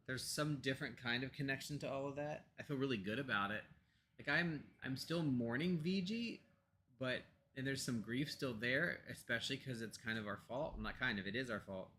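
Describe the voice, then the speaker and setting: A bright, clear-voiced American man rambles through a casual home chat, full of fillers and restarts. His voice comes through a computer mic with a faint hiss behind it. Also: medium pitch, normal speed. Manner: talks softly to pets off to the side. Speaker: co-host of a pagan discussion show.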